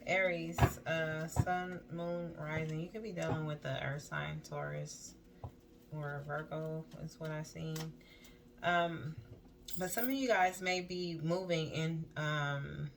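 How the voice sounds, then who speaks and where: A woman's voice: sits low, steady tone, takes it slowly, creaky, slight background noise. A woman giving a casual spoken tarot reading, reading card text aloud and then riffing on it in a chatty way with lots of "like" and "um". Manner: chatty, loose, full of "like" and "um" asides. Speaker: tarot reader.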